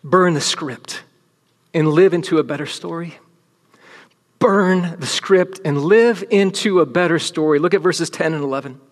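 A man with a notably high speaking voice preaches a sermon, his words ringing with a long hall reverb. He presses his points emphatically, then pulls down to hushed, near-whispered lines for weight. The sound is that of a large room with an audience. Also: unhurried.

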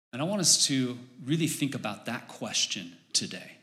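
A man preaching a casual sermon, conversational and animated, acting out voices as he retells a story. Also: mid-range voice, moderate pace. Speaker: pastor.

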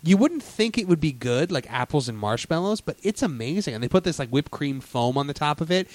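A man's voice: on the high side, animated, brisk, darkish tone, dry recording. A man hosting a casual theme-park chat, telling stories eagerly with many fillers and restarts. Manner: enthusiastic storyteller, lots of fillers and restarts.

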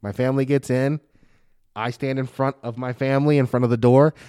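A man with a middle-pitched voice tells stories in casual, heavily profane chat. He stumbles, restarts and speeds up as he gets worked up. The sound is close and dry. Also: a little fast, clear, resonant tone, dry recording. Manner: swears constantly, animated storytelling; stammers and restarts often. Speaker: guest telling personal stories; father of a young daughter.

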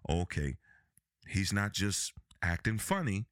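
A man's voice: low voice, sing-song, takes it slowly, fairly bright tone, no echo, studio quality. A man hosting a relationship advice podcast, talking emphatically and repeating phrases to drive his points home. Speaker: podcast host.

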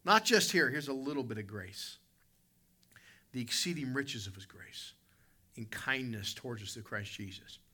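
A man preaching a sermon as pastor, emphatic, surging to loud peaks and then dropping low. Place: church service with congregation responding.

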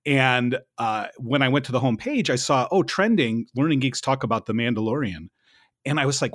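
A man hosting a casual podcast chat, chatty and quick to laugh, with rambling asides. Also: medium pitch, lively intonation, a bit bright, no room sound, studio quality. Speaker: podcast host.

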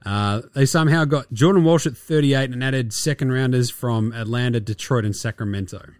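Sarcastic Australian podcast host. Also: male voice, mid-range voice, darkish tone, no room sound, faint music behind. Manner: sarcastic, profane, mimics players in quick asides. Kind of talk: casual basketball chat.

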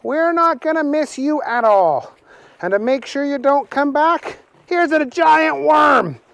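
A man voicing a mean, taunting male villager in a shrill, loud voice. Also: slow pace, creaky, no echo, heavily acted. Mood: mocking.

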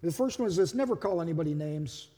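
A man's voice: fairly high pitch, expressive, quick pace, warm tone, big-room sound. A man who is a pastor, delivering a sermon in a conversational, humorous way and acting out quotes.

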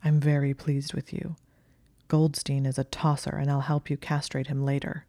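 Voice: medium pitch, completely flat delivery, moderate pace, dark tone, no echo, lightly acted. A reader voicing a sardonic young male wizard. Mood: soothing. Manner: clipped, strained and firm. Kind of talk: audiobook reading.

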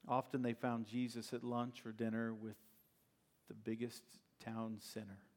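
A man's voice: mid-range voice, completely flat delivery, unhurried. A male pastor preaching a sermon in a conversational, storytelling way, with plenty of rhetorical questions.

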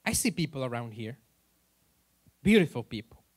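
A man's voice: medium pitch, very animated, normal speed, breathy edge, no room sound, clean studio sound. A male pastor preaching in a church in a loose, joking way, asking the congregation questions as he goes. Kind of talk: sermon.

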